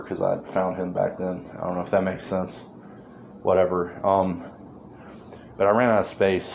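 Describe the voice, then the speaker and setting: A man with a deep, monotone voice rambles through a casual vlog, drifting off track, swearing freely and padding his talk with "um" and "you know." A faint hiss sits under the recording. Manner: meandering, filler-heavy, profane. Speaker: vlogger. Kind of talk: rambling monologue.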